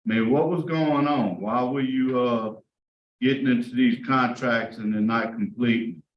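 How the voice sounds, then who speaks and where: A man's voice: mid-range voice, a little slow, muffled recording. A man, a parole board member asking probing questions in a plain, filler-laden way. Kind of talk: interviewing at a hearing. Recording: roomy hearing room with faint noise.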